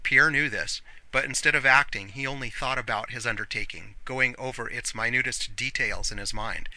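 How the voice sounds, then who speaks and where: Man, audiobook narrator, earnest, forceful bright tone. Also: medium pitch, normal speed, poor audio.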